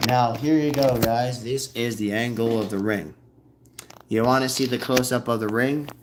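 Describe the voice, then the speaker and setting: A man hosting a casual video, rambling and repeating himself as he shows props and comments excitedly to his viewers. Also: medium pitch, moderate pace, noisy background. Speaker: video host.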